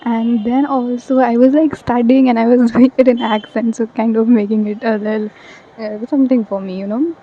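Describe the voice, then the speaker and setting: A woman's voice: fairly high pitch, fairly even intonation, moderate pace, highs cut off. A woman from India giving a casual, rambling tarot reading, chatty with many fillers. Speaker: tarot reader.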